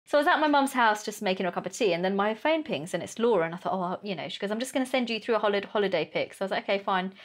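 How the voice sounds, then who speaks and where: A woman in her thirties, a podcast guest, telling a personal story with lively acted-out dialogue and frequent laughter. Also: medium pitch, racing, hardly any pauses. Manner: animated storyteller, acts out quoted dialogue, laughs often.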